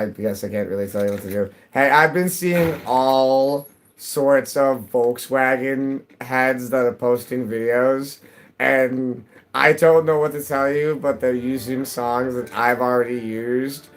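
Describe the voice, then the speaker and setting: A man's voice: medium pitch, fairly even intonation, takes it slowly, rough recording. A man live-streaming a game, chatting casually with viewers in a rambling, jokey way, his voice cracking. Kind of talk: casual live-stream chat while gaming.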